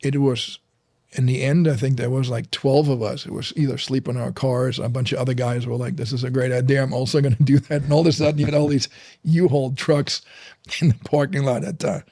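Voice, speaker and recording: A man's voice: mid-range voice, fairly even intonation, fairly quick, gravelly, dark tone, no echo, studio quality. A middle-aged man from Berlin with a German accent, a guest in a casual interview, telling stories with many restarts and fillers. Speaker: guest, fitness trainer.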